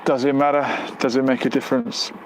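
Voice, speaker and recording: His medium-pitched voice shows little pitch movement and moves fairly quickly, on a rough recording with slight background noise. He's a UK man live streaming casually near a road, reading out comments from viewers and musing with lots of fillers.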